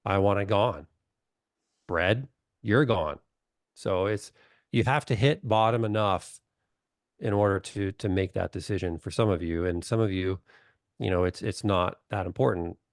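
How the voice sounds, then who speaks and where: A middle-aged man on a video call who talks bluntly and plainly. His voice sits low and the sound is dry and close. He tells stories and acts out the voices of the people in them. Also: normal speed, dry recording. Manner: blunt, storytelling, acts out quotes. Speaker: doctor, webinar guest. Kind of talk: casual chat.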